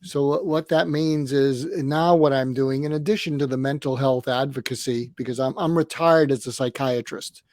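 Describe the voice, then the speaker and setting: Calm man in his seventies, dry close sound. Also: medium pitch, normal speed, hardly any pauses, dry recording. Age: 70s. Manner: calm, explanatory, acts out example dialogues. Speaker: guest psychiatrist and coach. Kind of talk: conversational advice on a podcast.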